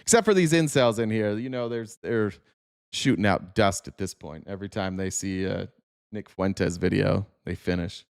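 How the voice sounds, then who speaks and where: A man's voice: fairly low pitch, normal speed, creaky, clean tone. A man hosting a political podcast, ranting sarcastically and swearing, reading out chat comments between points. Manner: animated, profane, sarcastic ranting. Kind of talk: casual political talk.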